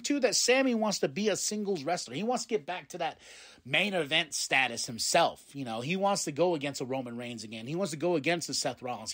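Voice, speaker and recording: A man recaps a wrestling show in casual, rambling podcast talk. His voice sits a little higher than most men's, and he keeps slipping into quick impressions of the wrestlers' lines. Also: a bit bright. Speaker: podcast host.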